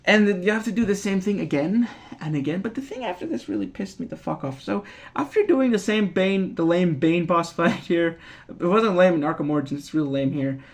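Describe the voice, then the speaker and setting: A man's voice: high voice, a little fast, creaky. A man giving a rambling, profane, casual recap of a video game, often laughing at it. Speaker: gaming video creator.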